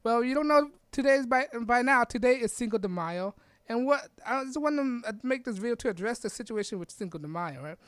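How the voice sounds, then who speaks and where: A woman's voice: on the high side, lively intonation, a little fast, no room sound. A woman hosting a podcast, giving an emphatic opinion monologue full of repeated rhetorical questions and tag checks. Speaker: podcast host.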